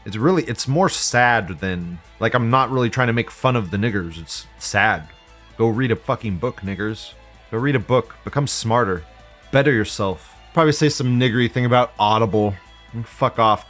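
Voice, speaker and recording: A man's voice: mid-range voice, lively intonation, normal speed, fairly bright tone, soft background music. A man hosting a live stream, ranting casually in a profane, sardonic way and laughing often. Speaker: live-stream host reading viewer comments.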